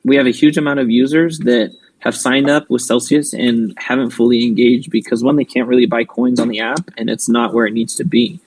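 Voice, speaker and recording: A man's voice: mid-range voice, steady tone, brisk, hardly any pauses, darkish tone, slightly rough, rough recording. A man agreeing and adding a thoughtful point in a casual group call.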